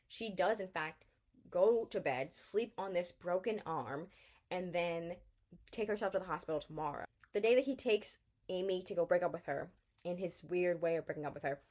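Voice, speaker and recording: Excitable young woman ranting about a book. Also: lowish voice. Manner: excitable, gushing, laughs often. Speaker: book vlogger.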